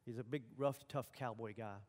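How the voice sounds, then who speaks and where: A man's voice: medium pitch, fairly even intonation, moderate pace, a little mellow. Man preaching in a reverberant hall. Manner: folksy storytelling, acts out dialogue. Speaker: pastor. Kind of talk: sermon with personal stories.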